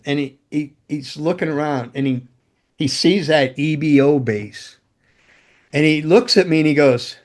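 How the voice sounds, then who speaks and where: At a moderate pace and in a slightly high, expressive voice, a former roadie and guitar tech tells casual stories as a guest. His delivery is loose and profane, with laughter mid-story and acted-out quotes.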